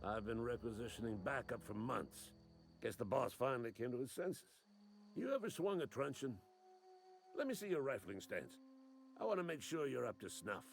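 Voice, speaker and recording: A man's voice: medium pitch, animated, moderate pace, creaky, slight background noise. An actor playing a paranoid frontier townsman who preaches urgent warnings about a coming robot uprising. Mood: relieved, brusque.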